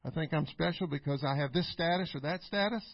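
A man pastor preaching a sermon, emphatic and repetitive, building to loud exclamations. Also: fairly high pitch, fast talker, no echo. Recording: dull, dry lo-fi recording.

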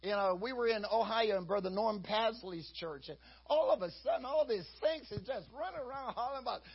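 A high-pitched male preacher with a husky voice delivers a folksy, conversational sermon. He keeps leaning on "you know" as he talks. The recording sounds dull and lo-fi. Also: brisk.

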